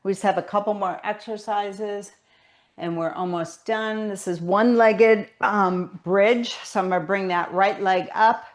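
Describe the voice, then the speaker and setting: A woman's voice: medium pitch, fairly even intonation, unhurried. A woman leading a pilates class, giving cues and counting reps as she does the moves herself, a bit out of breath. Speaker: pilates instructor. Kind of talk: guided exercise class instruction.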